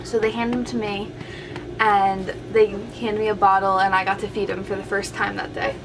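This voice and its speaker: A woman's voice: mid-range voice, level tone, moderate pace, very noisy. A young woman casually telling a personal story to camera as a vlogger, chatty and full of "like", quoting what others said. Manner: chatty, heavy use of "like", retelling with quoted voices.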